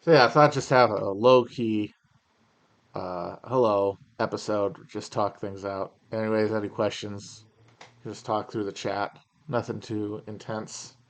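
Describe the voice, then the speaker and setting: A man's voice: on the low side, steady tone, a little slow. A man in his thirties hosting a casual livestream Q&A, talking in a rambling, wry way with fillers and sighs. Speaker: podcast host on a live stream. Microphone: home streaming mic.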